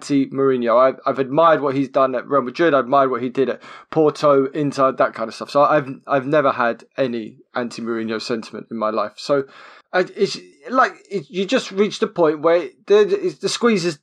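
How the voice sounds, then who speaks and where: Rambling, passionate podcast co-host. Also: male voice, mid-range voice, fairly quick, a bit bright. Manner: passionate, rambling, many stumbles and repeats. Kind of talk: casual football podcast chat.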